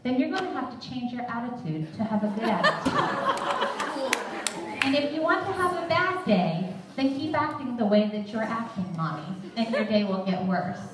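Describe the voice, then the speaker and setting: A woman's voice: fairly high pitch, lively intonation, brisk, hardly any pauses, very noisy, natural voice. Woman voicing a little daughter, matter-of-fact and scolding, heard from afar in an echoey hall. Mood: lecturing. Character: young daughter lecturing her mother. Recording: very echoey room from far off.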